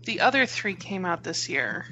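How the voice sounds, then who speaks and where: A woman's voice: on the low side, very animated, normal speed, sharp tone. A woman co-hosting a podcast, chatting casually with a wry, exasperated tone. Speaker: podcast co-host. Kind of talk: casual chat.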